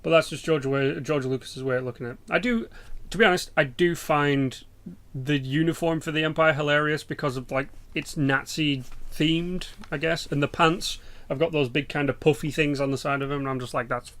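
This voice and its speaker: A man's voice: fairly high pitch, fairly even intonation, normal speed, fairly bright tone. A young British man rambling through casual, sweary game commentary as a channel host. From Britain.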